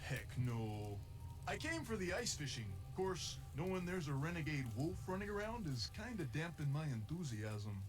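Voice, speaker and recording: An actor playing a boastful, folksy middle-aged construction worker in a mystery game, gruff and blustery. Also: male voice, on the high side, sing-song, normal speed, over music.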